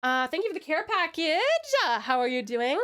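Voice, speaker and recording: Bright, pushed and smooth, her high voice moves briskly with lively intonation. She's a young American woman live-streaming at a home desk mic, chatting casually and affectionately with viewers, giggling, bubbly, and using pet names for them.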